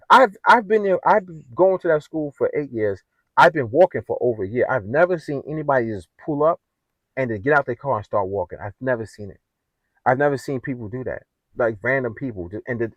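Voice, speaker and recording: A man's voice: a little high, no room sound, low-quality recording. An American man vlogging, telling a story in a casual rant, often repeating himself and asking "you know what I'm saying".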